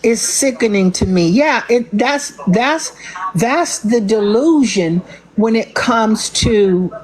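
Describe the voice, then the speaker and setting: Woman livestreamer, sassy and mocking, slightly high voice, unhurried delivery, laughs at her own digs. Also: expressive, a little mellow, breathy edge, rough recording. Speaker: livestream commentator. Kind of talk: casual live-stream commentary.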